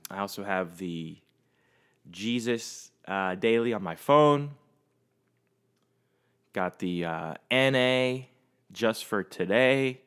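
Dude hosting his own podcast, unhurried drawl, cussing, just rambling along. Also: on the low side, a bit bright, clear, resonant tone. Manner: rambling, profane, easygoing. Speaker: podcast host. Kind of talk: casual solo chat.

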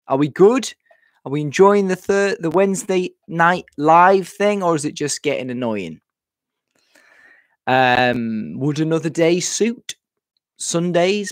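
A man's voice: on the high side, sing-song, unhurried, no echo. Chatty man hosting a live stream from home, out of breath, repeats himself, dry close webcam sound. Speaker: livestream host. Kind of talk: casual live-stream chat. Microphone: webcam setup.

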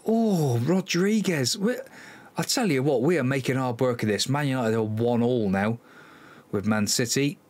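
A man's voice: medium pitch, moderate pace. A man hosting a football management let's-play, commenting live on the match, exasperated and sighing, talking to his players. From Cornwall, England.

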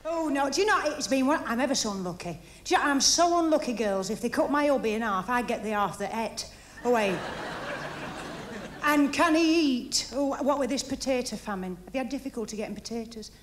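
A woman doing a stand-up routine, gossiping in a chatty way and firing off deadpan one-liners while laughing at her own jokes. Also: on the high side, fairly quick, a little hiss or hum. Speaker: stand-up comedian. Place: TV studio stage before live audience. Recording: archive TV recording with audience laughter.

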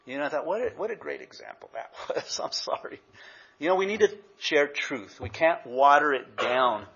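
A man's voice: a little high, lively intonation, normal speed, creaky, fairly bright tone, slightly rough, dull audio. A man, an associate pastor, preaching a conversational sermon with anecdotes.

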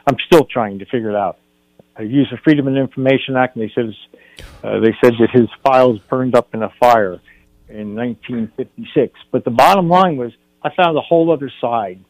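A man's voice: medium pitch, fairly quick, a little mellow, no echo. An older man, a film director guest on a radio show, telling a personal story in an earnest way, often restarting his sentences. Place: radio studio. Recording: dull radio broadcast.

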